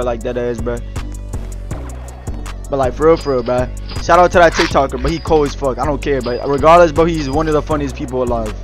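A young man doing loud, trash-talking commentary over game voice chat, laughing a lot. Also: on the high side. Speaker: gaming streamer.

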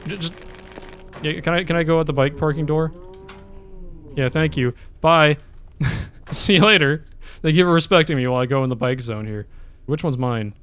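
A man's voice: on the high side, normal speed, long pauses, fairly bright tone, clear, resonant tone, no room sound. A man giving let's play commentary as a gaming video creator, talking to the game, swearing often and laughing a lot.

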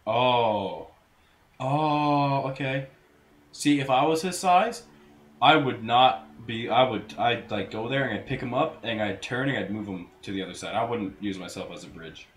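A man giving casual gameplay commentary, crude and full of swearing, with sudden loud outbursts. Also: mid-range voice, a little slow. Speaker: let's play gamer. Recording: roomy echo, faint noise.

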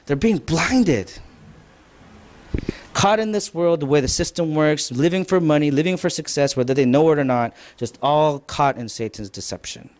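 A man preaching a conversational church lecture, mostly relaxed but rising to emphatic points. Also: fairly high pitch, normal speed. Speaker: pastor. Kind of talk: sermon lecture.

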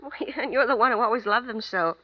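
A woman playing a brisk American wife. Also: fairly high pitch, lightly acted. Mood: impatient. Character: chilly, impatient American wife. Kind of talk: 1950s radio drama acting. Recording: muffled 1950s radio broadcast with faint hiss.

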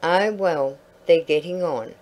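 A woman voicing an older male bull terrier who calmly reassures newcomers. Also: on the low side, slow pace, poor audio. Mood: reassuring. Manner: reassuring, gently amused.

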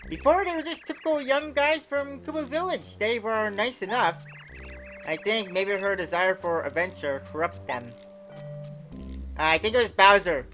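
A woman's voice: medium pitch, moderate pace, a bit bright, faint music behind, lightly acted, rough recording. A woman reading game dialogue for a group of grumbling imprisoned male bob-omb workers, complaining with dramatic outbursts.

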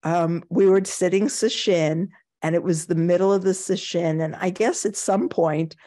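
Older new york lady giving a zen talk, storytelling, chuckles a lot, low voice. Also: steady tone, normal speed, warm tone. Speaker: Zen teacher. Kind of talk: dharma talk with personal anecdotes.

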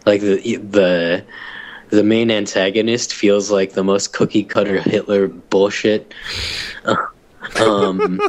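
A man's voice: on the low side, flat delivery, slow, low-quality recording. A young man co-hosting a casual gaming podcast, blunt and profane, ranting with frequent restarts. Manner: blunt, swears freely, rants with restarts. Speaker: podcast co-host.

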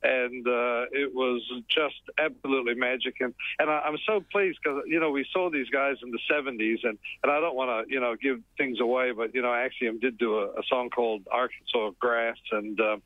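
A man calls in to a radio show and speaks haltingly, padding his sentences with "uh" as he searches for words. His voice comes through a dull, muffled line that is dry, at a middle pitch. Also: steady tone, dry recording. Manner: halting, many fillers, warm thanks. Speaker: caller reporting from a theatre foyer. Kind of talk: casual on-air chat.

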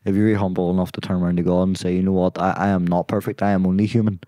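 A man talking as a podcast guest in casual conversation, full of swearing, sudden loud exclamations and "mate". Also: low-pitched, flat delivery, rapid-fire, no room sound.

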